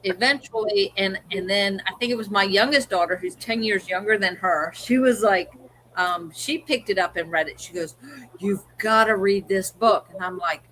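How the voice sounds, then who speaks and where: A woman's voice: mid-range voice, normal speed, fairly bright tone, slight background noise, rough recording. Chatty middle-aged woman telling stories. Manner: chatty storyteller, acts out family quotes. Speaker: co-host of a livestream. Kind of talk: casual chat.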